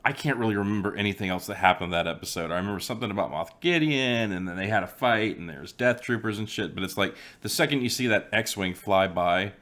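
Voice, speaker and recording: A man's voice: on the low side, expressive, fast, hardly any pauses, a bit bright. A man co-hosting a casual chat, swearing freely and joking around. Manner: swears a lot, joking asides. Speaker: podcast co-host.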